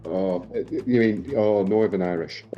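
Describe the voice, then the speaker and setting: A man's voice: on the low side, normal speed, dark tone, highs cut off, faint music behind. A man chatting casually during a game over voice chat, bantering, repeating himself and swearing. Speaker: gamer on voice chat. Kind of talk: casual chat while gaming.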